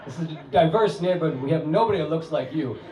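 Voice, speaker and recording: A man performing a true story live before an audience, wry, conversational and animated, with a slightly high voice. His voice rings in a roomy hall and sounds set back from the mic, with faint ambience underneath. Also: quick pace, far from the mic, a little hiss or hum.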